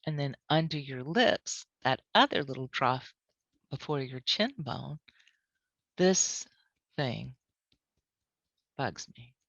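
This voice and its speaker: A woman trainer leading a guided tapping lesson, calmly repeating short phrases as she walks through the points. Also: low-pitched, no echo. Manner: calm, repeats phrases slowly. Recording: dull lo-fi audio.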